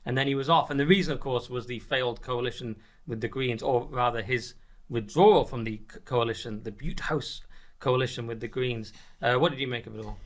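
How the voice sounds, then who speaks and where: A man hosting a political podcast from a studio, with brisk, wry, casual delivery. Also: mid-range voice. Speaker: podcast host.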